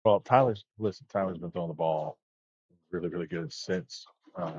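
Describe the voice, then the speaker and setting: Deep, husky co-commentator man. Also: lively intonation, moderate pace, darkish tone, no room sound, highs cut off. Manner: chatty, interjecting, loose phrasing. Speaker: bowling co-commentator. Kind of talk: casual sports commentary chat.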